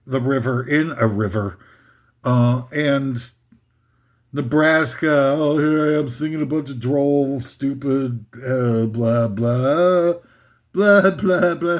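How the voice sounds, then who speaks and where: A man rants in a loose, rambling comedic style, full of scorn and sarcasm. His voice sits slightly high for a man. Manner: scornful, rambling, sarcastic, with mock singing bits. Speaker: comedic ranter. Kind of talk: comedic rant.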